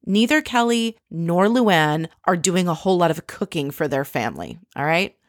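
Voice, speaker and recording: A woman's voice: fairly low pitch, very animated, moderate pace, dry recording, studio quality. A woman giving casual commentary on a reality show, blunt and sarcastic. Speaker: reality TV recapper.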